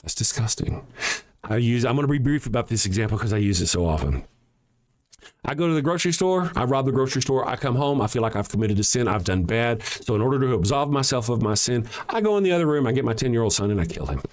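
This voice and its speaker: A man hosting a show, delivering a mocking, sarcastic monologue that swings between loud jabs and quiet asides. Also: medium pitch, expressive, fast talker. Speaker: show host. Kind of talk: ranting monologue.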